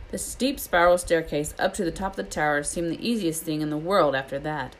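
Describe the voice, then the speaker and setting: A woman's voice: sits low, brisk, hardly any pauses. Woman reading a storybook aloud. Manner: steady storytelling, small slips and restarts. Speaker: reader. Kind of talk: reading a children's book aloud.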